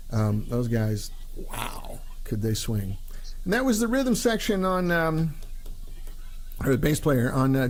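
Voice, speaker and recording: A man's voice: medium pitch, darkish tone. Chatty rambling male stream host. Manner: rambling, joking, frequent fillers. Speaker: livestream host. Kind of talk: casual chat.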